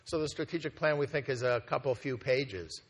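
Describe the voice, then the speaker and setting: A man's voice: medium pitch, moderate pace. A man presenting a plan to a meeting, conversational and loose, with frequent fillers and restarts. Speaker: organization executive presenting a plan. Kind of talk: conference presentation. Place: meeting hall at a conference.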